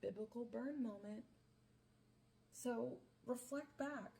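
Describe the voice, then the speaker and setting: A young woman podcast host retelling a Bible story casually, playful and full of slang and quick joking asides. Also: fairly high pitch, creaky, mellow, slight background noise.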